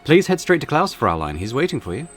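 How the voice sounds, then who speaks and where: A man's voice: very animated, quick pace, faint music behind, close to an everyday voice. A man voicing a cheerful female innkeeper in a game, with a wobbly mock German accent. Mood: polite. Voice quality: high falsetto-like, wobbly accent attempt. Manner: polite, fussy hostess lines.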